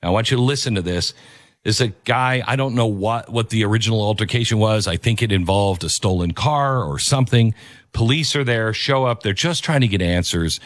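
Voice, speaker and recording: A male commentary host talks over a video clip in an emphatic, preachy manner and hammers his points home by repeating them. His delivery swings widely up and down in pitch. The sound is dry and close to the mic. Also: expressive, brisk, no room sound.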